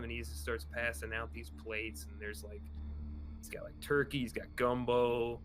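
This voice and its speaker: A man's voice: mid-range voice, flat delivery, moderate pace, fairly bright tone. A man narrating a tabletop game as game master, loose and conversational.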